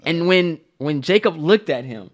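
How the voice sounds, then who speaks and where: A man hosting a casual movie review chat, telling scenes in an animated way with heavy slang. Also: on the high side, a little slow. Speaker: channel host.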